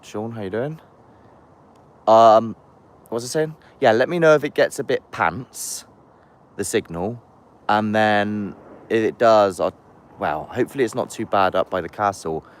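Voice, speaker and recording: Walking through the woods outdoors, a man live-streams on a handheld phone as a paranormal investigator. His lowish voice is unhurried with frequent pauses, and his manner is chatty and rambling, full of jokey asides.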